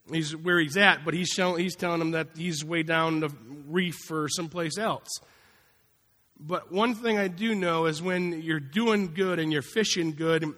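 Guy preaching, kinda high voice, casual folksy sermon, lots of echo like a big church. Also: bright, forceful tone. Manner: conversational, folksy preaching with acted-out asides. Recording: long hall reverb.

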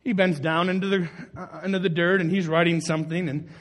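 Male pastor, higher voice, lively sermon delivery that acts out the scenes and swings between loud and hushed. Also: a little fast. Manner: animated, acts out the story in voices, rises loud then drops soft.

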